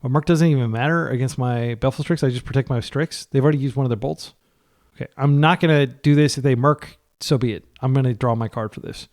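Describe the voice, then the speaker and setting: Excitable man commentating a card game. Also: medium pitch, quick pace. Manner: excitable, pleads with his deck, spiking up when frustrated. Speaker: card game player and channel host. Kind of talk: casual gameplay commentary.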